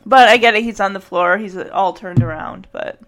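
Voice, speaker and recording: A woman's voice: mid-range voice, normal speed, very noisy. A woman hosting a podcast, recapping a sitcom episode in a chatty way and acting out the characters' lines. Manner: chatty, acts out quoted lines with laughs. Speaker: podcast host.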